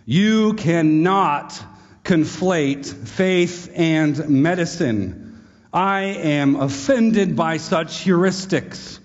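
A man voicing an indignant, pompous young male philosophy student who speaks slowly and emphatically. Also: fairly high pitch, pitched above the performer's own voice. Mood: outraged. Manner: slow, emphatic, outraged. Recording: echoey hall, dull lo-fi sound.

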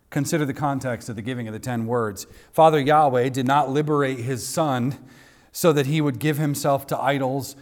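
A man preaches with emphatic conviction, pressing his points and climbing to forceful peaks. His mid-range voice rings out with a long hall reverb trailing behind it. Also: medium pitch. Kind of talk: sermon.

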